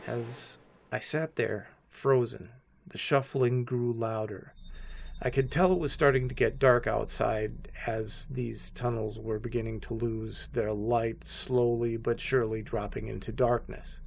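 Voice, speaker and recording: A man narrating a scripted horror story in a slow, hushed and somber way. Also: medium pitch, fairly even intonation, gravelly, no room sound.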